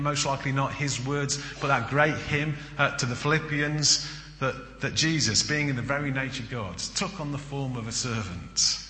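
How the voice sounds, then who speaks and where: A man preaching as a guest, telling stories in a chatty way, often pausing with "uh" and repeating words. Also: medium pitch, bright, forceful tone. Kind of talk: sermon. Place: church. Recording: echoey church hall, long reverb.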